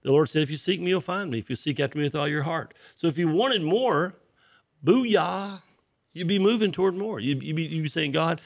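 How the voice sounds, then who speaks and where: A man's voice: on the high side, fast, hardly any pauses. A man, a pastor, delivering a conversational sermon, often repeating his phrases for emphasis.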